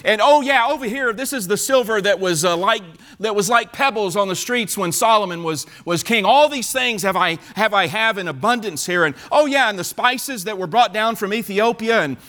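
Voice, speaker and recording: A man preaching who voices a boastful, excited ancient king eagerly showing off his treasures, tripping over his words. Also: a little high, a little fast. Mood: gushing.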